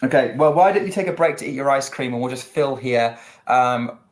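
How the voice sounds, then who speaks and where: A man with a British accent co-hosting a live tennis watchalong stream, calling each point quickly and chatting between rallies. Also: medium pitch. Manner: rapid play-by-play calling, chatty asides. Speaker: co-host and play-by-play commentator.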